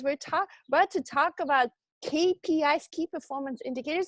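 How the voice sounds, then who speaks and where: A woman leading an online business training, energetic and coaching, guiding breathing and chanted affirmations. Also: high-pitched, a little fast, no room sound.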